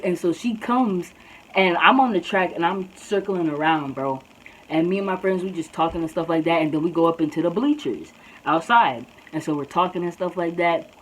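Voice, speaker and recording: A woman's voice: lowish voice, rough recording. A young woman vlogger telling a story in a casual, slangy way, often saying "bro.". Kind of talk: storytime vlog.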